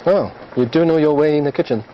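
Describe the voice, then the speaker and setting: A woman co-hosting a casual food chat at a restaurant table, calm with dry asides. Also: sits low, fast talker. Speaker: co-host. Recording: slightly dull sound with faint background noise.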